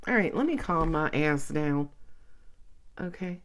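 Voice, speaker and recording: A woman giving a casual tarot reading to camera, chatty and excitable, swearing freely and laughing often. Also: deep voice, a little slow, crowd noise. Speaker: tarot reader.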